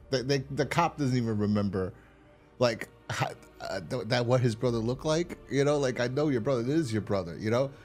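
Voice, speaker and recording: A man with a medium-pitched, darkish voice co-hosts a podcast reviewing a horror episode. He casually rambles through the plot, swearing a lot and restarting his sentences often.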